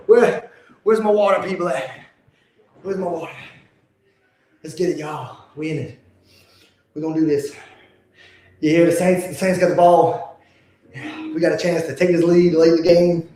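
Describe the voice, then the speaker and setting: A man with a high voice, hoarse from losing it, calls plays like an excited fan and keeps breaking into yelled hype. He is in a very echoey room at home. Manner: yells hype often, rambles between plays. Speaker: livestream host. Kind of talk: excited fan play-by-play commentary. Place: indoors at home.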